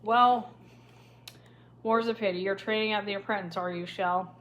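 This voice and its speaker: A woman's voice: mid-range voice, fairly even intonation, normal speed, highs cut off, natural voice. A woman voicing a scheming middle-aged male official who speaks in a lazy, self-satisfied drawl. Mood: sly drawl.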